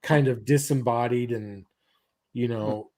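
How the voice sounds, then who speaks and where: A man hosts a podcast in easygoing chat, his pace slow and unhurried. He pauses often and restarts phrases as he retells the story. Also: mid-range voice, fairly even intonation, mellow. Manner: halting retelling of a comic's plot. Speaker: podcast host. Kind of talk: casual chat.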